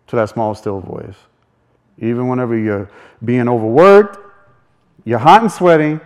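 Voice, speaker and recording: A man sharing a faith testimony as a folksy, chuckling storyteller who acts out the voices of people in his story. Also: mid-range voice. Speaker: speaker sharing a personal testimony.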